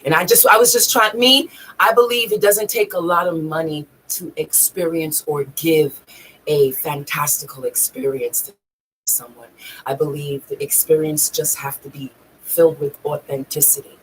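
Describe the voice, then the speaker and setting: A woman's voice: low voice, fairly even intonation, normal speed, a bit bright, a little hiss or hum, rough recording. A woman vlogging, telling a personal story in a raw, emotional way, swearing freely and near tears at times. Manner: raw, profane, tearful at times.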